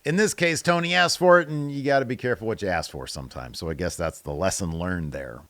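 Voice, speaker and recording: A man's voice: sits low, quick pace, few pauses, fairly bright tone, no echo, studio quality. A man hosting a wrestling podcast, casually reading viewer comments aloud and giving his opinions on them. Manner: chatty, opinionated, laughs at own jokes. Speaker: podcast host.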